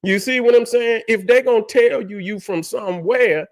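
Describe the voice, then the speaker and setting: A man's voice: very high-pitched, normal speed. A man rants on a livestream. He is heated and profane, repeats his points and keeps firing rhetorical questions at his listeners. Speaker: livestream host. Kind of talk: heated casual rant.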